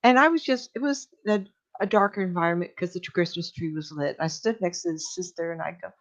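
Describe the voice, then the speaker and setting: An older woman, a medium, telling stories casually on a radio show in a chatty, animated way, often laughing. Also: lowish voice, fairly quick, muffled recording. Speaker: psychic medium guest.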